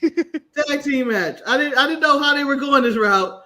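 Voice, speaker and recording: A man's voice: very high-pitched, normal speed, sharp tone. An American man co-hosting a casual wrestling talk show, laughing often and stammering through restarts. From United States. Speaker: podcast co-host.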